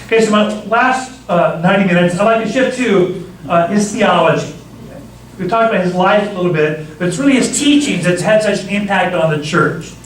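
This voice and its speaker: A man, a Bible professor, giving a storytelling lecture, reading passages aloud and recounting events with animated retelling and frequent fillers. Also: high voice, normal speed, a little hiss or hum. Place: large hall. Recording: echoey hall, distant mic, faint ambience.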